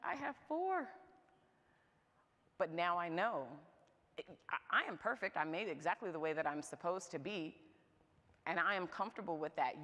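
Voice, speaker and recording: A woman with a somewhat low voice gives a candid, humorous motivational talk to a live audience. Her voice rings out with a long reverb in a church hall. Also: a bit bright. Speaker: speaker at a moms' event.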